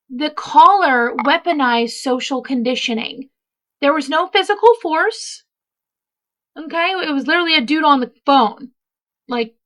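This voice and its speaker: A woman's voice: sits high, a bit bright. A woman hosting a casual true-crime commentary, chatty and emphatic, wandering off into asides. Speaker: host.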